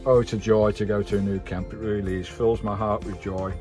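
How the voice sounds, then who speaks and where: A man's voice: lowish voice, brisk, poor audio. Man, vanlife vlogger, from the UK, breathless, exclamatory, music under the voice. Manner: exclamatory and enthusiastic, lots of "wow"; relaxed, rambling chat with fillers. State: out of breath after climbing. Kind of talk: casual vlog commentary.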